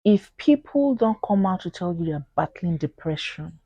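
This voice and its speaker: A woman's voice: lowish voice, moderate pace, no room sound, highs cut off. Earnest Nigerian woman vlogging. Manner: animated, acts out quoted voices in Pidgin; earnest and pleading. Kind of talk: casual talk to camera.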